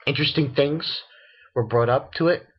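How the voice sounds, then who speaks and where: A young man reviewing an anime episode in a casual, rambling rant, cursing freely and breaking into shrill disbelief. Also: moderate pace, husky, dull audio. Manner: excitable and profane, rambling, jumps into shrill disbelief.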